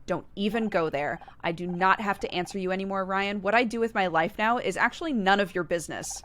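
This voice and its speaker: A woman's voice: medium pitch, brisk, fairly bright tone, lightly acted. A woman voicing a bitter, defiant young woman detective in a video game, cutting and sarcastic.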